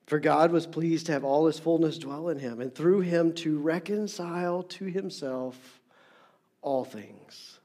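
Male pastor, middle-aged, sermon, fairly high voice, dramatic loud-to-soft delivery, repeats phrases. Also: a little slow. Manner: dynamic, swings from loud emphasis to soft whispers.

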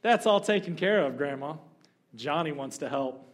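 A man's voice: on the high side, animated, normal speed, natural voice. A male preacher voicing a sly, bossy little girl while telling a story.

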